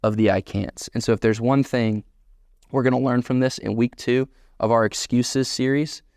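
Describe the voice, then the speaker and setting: A man preaching a sermon as pastor, animated and emphatic, voicing quoted dialogue in bursts. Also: mid-range voice, normal speed, no echo, clean studio sound.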